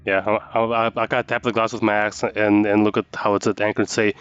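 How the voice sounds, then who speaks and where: A man's voice: fairly low pitch, flat delivery, quick pace, smooth, no echo. Hesitant male player, muffled recording. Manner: hesitant, thinks out loud. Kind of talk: tabletop role-play.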